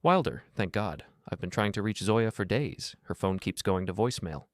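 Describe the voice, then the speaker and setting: A man voicing a worried, meddling sister-in-law who talks anxiously and pleads, pitched higher than his own voice. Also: expressive, normal speed, dry recording, clean studio sound, natural voice.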